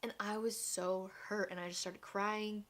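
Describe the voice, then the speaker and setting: A young woman vlogging a personal story, candid and animated, acting out the voices of people in it. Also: medium pitch, measured pace, a little hiss or hum. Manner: candid, animated retelling that acts out quoted voices.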